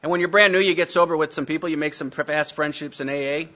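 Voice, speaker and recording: A man's voice: on the high side, steady tone, fast talker, bright, forceful tone, highs cut off. A man telling his recovery story to a meeting, blunt and self-mocking. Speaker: speaker sharing recovery story.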